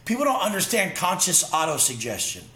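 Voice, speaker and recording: A podcast guest speaks in a high, sing-song, sharp voice at a brisk pace, recorded with noticeable reverb. In casual conversation he's intense and profane, telling stories with heavy emphasis.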